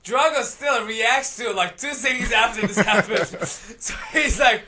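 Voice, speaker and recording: A man and mixed martial arts fighter, telling an animated story in casual podcast chat and laughing often. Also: extremely high pitch, normal speed, music in the background.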